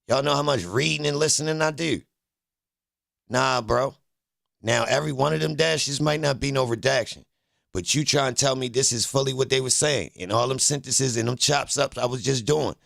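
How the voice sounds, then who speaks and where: A man's voice: mid-range voice, normal speed, creaky, a bit bright, no room sound, studio quality. A man hosting a livestream, talking bluntly and profanely as he rants at his chat. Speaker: livestream host. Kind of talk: heated livestream commentary.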